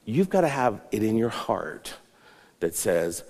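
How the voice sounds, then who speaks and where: A man's voice: fairly low pitch, very animated, a little slow, darkish tone. Guy pastor preaching, earnest, up and down for emphasis, long reverb hall. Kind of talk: sermon.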